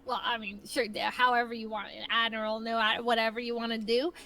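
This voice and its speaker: A woman's voice: fairly high pitch, little pitch movement, a little fast, pushed and bright, rough recording. A young woman in casual conversation, rambling and restarting sentences, acting out little voices when she quotes people. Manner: rambling, self-interrupting, acts out voices in quotes. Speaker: guest streamer. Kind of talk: casual chat.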